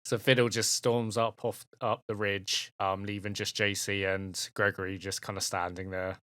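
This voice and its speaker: A man's voice: fairly low pitch, little pitch movement, moderate pace, sharp tone, no room sound, studio quality. A man running a tabletop role-playing game as game master, narrating loosely with many fillers. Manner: casual, rambling narration full of fillers.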